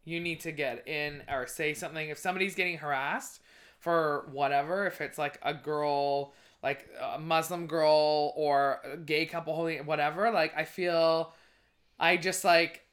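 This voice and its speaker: A woman's voice: sits low, fairly even intonation, a little slow. A woman comedian co-hosting a podcast, talking casually and bluntly, swearing freely. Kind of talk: casual chat.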